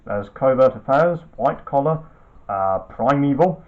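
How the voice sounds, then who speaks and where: A man's voice: mid-range voice, animated, measured pace. A man in casual home-video chat, showing his shelf and naming items in a matter-of-fact way. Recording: tinny phone-like home recording.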